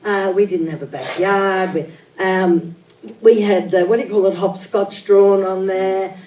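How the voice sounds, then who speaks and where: An older woman, telling childhood stories in an animated, theatrical way at a live on-stage interview. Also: mid-range voice, measured pace, dull audio. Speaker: interview guest. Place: event venue with audience. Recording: echoey hall, mic at a distance.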